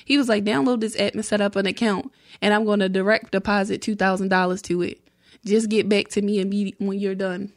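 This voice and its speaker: A woman's voice: medium pitch, a little fast. A young woman, co-hosting a casual chat and acting out the lines of people in her story. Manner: animated storyteller, acts out dialogue. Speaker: podcast co-host.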